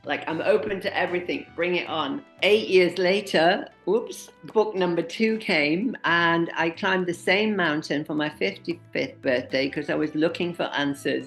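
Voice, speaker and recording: A woman in her sixties telling animated anecdotes as an interview guest, often laughing at herself. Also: low voice, gravelly. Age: 60s. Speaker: interview guest, speaker and expedition leader. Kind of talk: casual interview storytelling.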